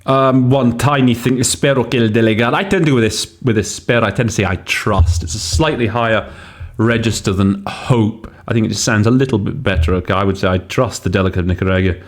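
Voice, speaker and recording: A man's voice: fairly low pitch, fairly quick. A man hosting a podcast on interpreting, explaining word choices casually and thinking aloud with frequent hesitations. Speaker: host and interpreting teacher. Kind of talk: casual teaching podcast commentary.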